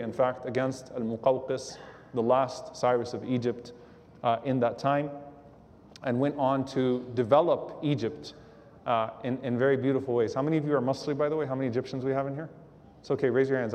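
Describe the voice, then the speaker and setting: A man giving a sermon to a live audience, animated, acting out the quotes in his stories and quizzing the crowd. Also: mid-range voice. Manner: animated, acts out quotes, asks the audience questions. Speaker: preacher. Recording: long hall reverb.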